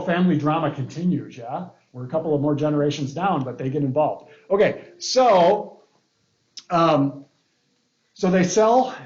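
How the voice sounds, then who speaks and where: A pastor leads a relaxed Bible study lesson, his man's voice sitting a little higher than most. He reads passages aloud, then drops into casual asides and jokes and asks the group questions. The recording is muffled and lo-fi. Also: roomy sound.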